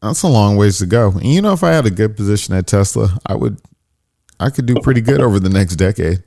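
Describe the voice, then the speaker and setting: A man's voice: on the low side, animated, quick pace, creaky, warm tone, no echo, clean studio sound. A man co-hosting a podcast in casual, rambling banter, swearing a lot. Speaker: podcast co-host. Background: music.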